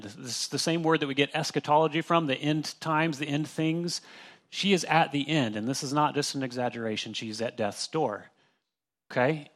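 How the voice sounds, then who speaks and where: A young man with a fairly high, somewhat bright voice leads a casual Bible study, working through a passage verse by verse in an easy way. His delivery is conversational, with restarts and acted-out asides.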